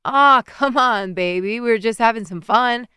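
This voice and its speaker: A woman's voice: fairly high pitch, normal speed, bright, forceful tone, clear, resonant tone, dry recording, studio quality. A woman voicing a drunk, leering young male hockey player who slurs and swaggers, in an audiobook. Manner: slurred swaggering taunts. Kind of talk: audiobook character voice.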